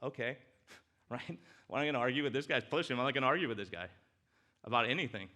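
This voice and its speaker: A man, a doctor, giving a casual, joking talk with slides at a church men's breakfast, swinging between loud excitement and quiet emotion. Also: medium pitch, quick pace. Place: church hall.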